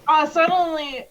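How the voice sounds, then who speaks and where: A woman running a tabletop game as game master, describing scenes haltingly with frequent ums and likes. Her voice is high and her pace slow. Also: a little hiss or hum, poor audio. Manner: hesitant, lots of ums and likes.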